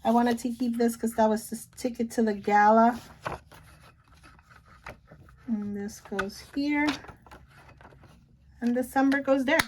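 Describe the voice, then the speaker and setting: Chatty, excitable woman vlogger. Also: fairly high pitch, slow, long pauses, slight background noise. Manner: chatty and excitable, keeps saying "look". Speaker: planner vlogger. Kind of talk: casual show-and-tell chat.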